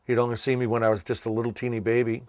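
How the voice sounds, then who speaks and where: Older male storyteller from Massachusetts, casual and animated, close dry sound. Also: medium pitch, racing, dry recording. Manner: animated, acts out quoted voices. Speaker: children's entertainer telling his life story.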